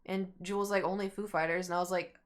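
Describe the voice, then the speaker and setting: A woman's voice: on the low side, quick pace. Rambling young woman streamer telling a story. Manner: rambling, animated, acts out quotes. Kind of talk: casual storytelling chat.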